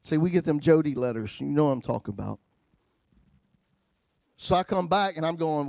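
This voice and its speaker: Man, pastor, storytelling sermon, folksy and joking, loud-to-hushed swings, slightly high voice, dry close sound. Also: expressive, moderate pace, gravelly, pauses often, no room sound.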